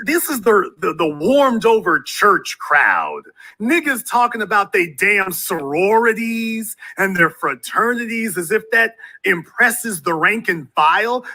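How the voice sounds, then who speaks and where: A man hosting a call-in talk show, with a forceful, repetitive, preaching delivery. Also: high voice.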